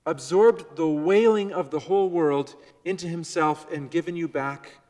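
A middle-aged male pastor preaching a sermon earnestly, dropping to a soft hush on key words. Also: a little high, unhurried, few pauses, long reverb tail. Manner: earnest, varies volume, drops to soft near-whisper on key words. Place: church sanctuary.

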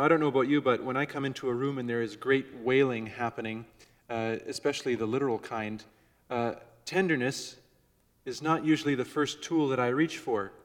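Male pastor preaching in a reverberant hall. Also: medium pitch. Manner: measured, swings from soft and gentle to loud emphasis. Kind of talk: sermon. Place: church before a congregation.

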